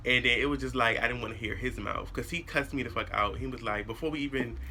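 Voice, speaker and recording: A young adult man tells a personal story straight to his viewers. His voice is very bright and sharp, and he talks in a blunt, animated way with plenty of cursing. A faint hum sits in the background. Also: mid-range voice, fast. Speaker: vlogger. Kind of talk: casual storytime monologue.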